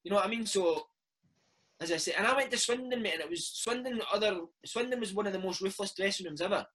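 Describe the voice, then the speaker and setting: A Scottish man in his thirties, a former footballer telling animated stories in a casual interview chat, dropping "mate" into every other line. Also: high voice, fast, rough recording. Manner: animated storytelling, peppered with "mate". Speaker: former footballer and podcast host, interview guest.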